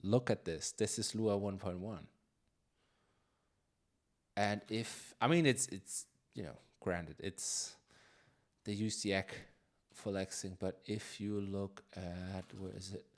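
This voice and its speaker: A man's voice: deep voice, steady tone, takes it slowly. A man live-coding on a stream, chatting casually and thinking aloud with many fillers and restarts. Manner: reads chat questions aloud.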